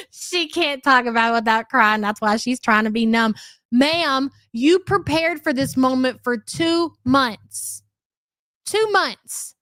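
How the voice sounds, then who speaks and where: A woman's voice: high-pitched, slow pace, pushed and bright, dry recording, studio quality. A woman hosting a live commentary stream, chatty and sarcastic as she reacts to clips and thanks viewers. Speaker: livestream commentary host.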